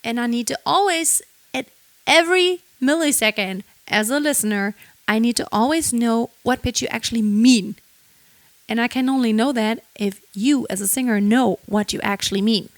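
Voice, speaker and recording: A woman's voice: a little high, normal speed, no room sound. A woman teaching singing, explaining technique and singing short lines to show it. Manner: explains then sings short lines to demonstrate. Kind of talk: vocal lesson with sung demos.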